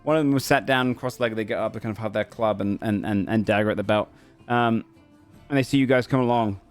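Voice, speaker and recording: Rambling game master. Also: male voice, lowish voice, quick pace, soft background music. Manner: rambling, many fillers. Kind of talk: narrating a tabletop game.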